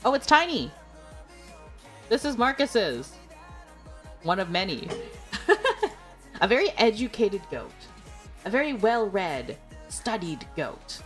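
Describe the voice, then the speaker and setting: A woman's voice: medium pitch, sing-song, takes it slowly, long pauses, fairly bright tone, soft background music. A woman streamer chatting casually with viewers, giggling often and filling her talk with "like" and "you know.". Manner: chatty and giggly, full of filler words. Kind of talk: casual chat.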